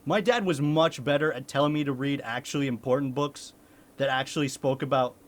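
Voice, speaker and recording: A man's voice: mid-range voice, brisk. A young man from the United States, a streamer chatting casually with his chat, laughing often and swearing.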